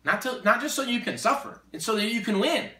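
High, bright-voiced man preaching. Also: animated, a little fast. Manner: emphatic, repetitive, rising to forceful exhortation. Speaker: Christian speaker. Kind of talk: preaching in conversation. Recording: echoey room, distant mic.

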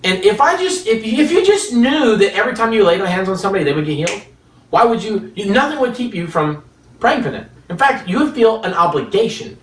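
Animated man preaching in an echoey room. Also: high voice, fairly quick, a little hiss or hum. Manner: animated, rhetorical questions, chuckles between points. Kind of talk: sermon with storytelling. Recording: echoey room, distant mic.

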